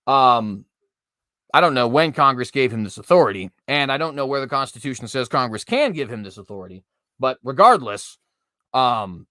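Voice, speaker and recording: A man's voice: mid-range voice, big pitch swings, moderate pace, sharp tone, no echo, studio quality. A man in his twenties hosting political commentary, reading news aloud with heavy sarcasm and sudden mocking outbursts. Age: 20s. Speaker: commentary host.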